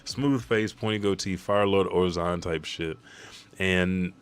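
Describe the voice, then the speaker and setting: A man hosting a casual comic-chapter recap, narrating the action in a loose, profane, energetic play-by-play. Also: low voice, slow, smooth. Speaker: YouTube manga recap host.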